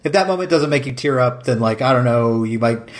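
Male podcast co-host, mid pitch, casual and gushing, heavy on "like.". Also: lively intonation, a little fast. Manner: emphatic, effusive, many "like"s. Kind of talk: casual film discussion.

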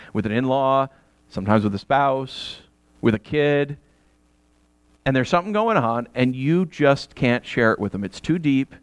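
A man's voice: mid-range voice, clear, resonant tone, no echo. A middle-aged man preaching a sermon in a chatty, conversational way, with asides to his congregation and bursts of laughter. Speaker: pastor.

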